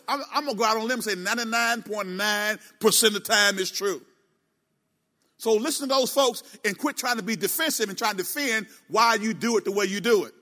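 Middle-aged male pastor, bright and forceful delivery, preaching in a church sanctuary with long reverb. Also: high-pitched. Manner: preachy, emphatic, call-and-response asides. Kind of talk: sermon.

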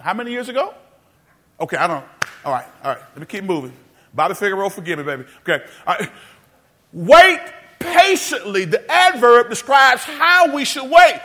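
A male preacher delivers a sermon in a church sanctuary. His voice sits high and rings bright. He calls for responses, half-sings phrases and climbs to shouts. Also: sing-song, brisk. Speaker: pastor.

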